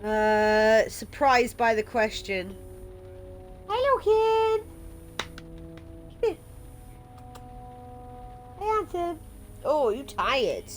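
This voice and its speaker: Slow-talking woman streaming a game. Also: a little high, very animated, soft background music. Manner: chatty, swears casually. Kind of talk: live-streamed game playthrough, reading text aloud.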